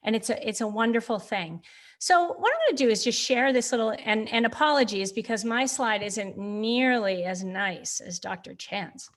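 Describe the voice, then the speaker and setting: A woman presenting on ethics to a panel over a video call, explaining ideas with animated emphasis and occasional self-corrections. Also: a little high, moderate pace.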